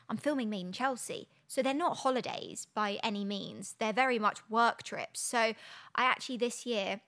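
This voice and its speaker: A woman's voice: mid-range voice, a bit bright. A woman, co-hosting a podcast in casual chat, talking freely with lots of fillers. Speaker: podcast co-host, influencer.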